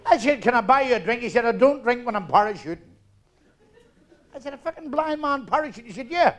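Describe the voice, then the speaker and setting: This is a middle-aged man doing live stand-up. He speaks in a high, lively voice and delivers quick, brash punchlines. He slips into each character as he tells the joke. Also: a faint crowd. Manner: rapid-fire punchlines, loud and brash, acts out characters. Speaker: stand-up comedian. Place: theatre stage, audience laughter.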